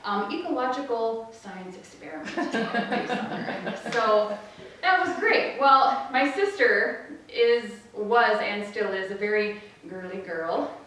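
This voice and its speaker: A middle-aged woman telling a personal story to a live audience, acting out her family's voices with big jumps in pitch. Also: lively intonation, unhurried, fairly bright tone, slight background noise. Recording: echoey hall, voice from a distance.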